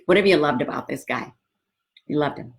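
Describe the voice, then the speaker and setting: A middle-aged woman with a low voice talks casually to wives about marriage. She tells stories in a lively way and acts out what people said. She sounds like a warm-hearted coach speaking to her viewers. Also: a little fast. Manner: chatty, animated storytelling with quoted dialogue. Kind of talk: casual talk to women viewers.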